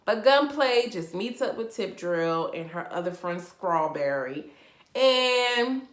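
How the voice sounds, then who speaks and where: A woman's voice: mid-range voice, animated, slow pace, roomy sound. A woman giving casual vlog commentary as a reality TV reviewer, talking bluntly and profanely with incredulous laughs.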